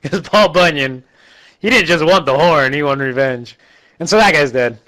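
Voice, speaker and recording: Rambling deadpan man recapping a movie. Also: fairly high pitch. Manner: deadpan, rambling, quotes characters in quick voices. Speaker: host recapping a bad movie. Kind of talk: casual comic movie recap.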